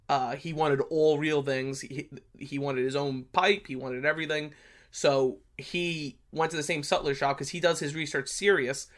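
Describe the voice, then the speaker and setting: A man with a blunt New York accent, hosting a history channel and casually talking through a movie review. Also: fairly high pitch. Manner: blunt, brash, chatty with many fillers.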